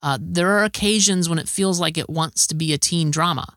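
A man's voice: on the high side, a little fast, fairly bright tone, no echo, studio quality. A man co-hosting a casual show review chat, hesitant, repeating his words and laughing often.

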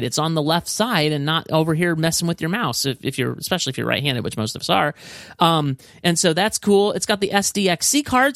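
A man co-hosting a casual tech chat, excitable and enthusiastic, often restarting his sentences. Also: sits high, no room sound, studio quality. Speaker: podcast co-host.

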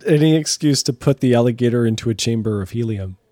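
A man in casual chat, animated and reacting quickly. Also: mid-range voice, dry recording, studio quality.

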